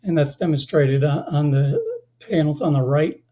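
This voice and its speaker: Webinar presenter, mellow tone, a bit hoarse, halting delivery full of fillers. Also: mid-range voice. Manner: halting, many filler sounds and restarts. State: slightly hoarse, losing voice. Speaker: company presenter.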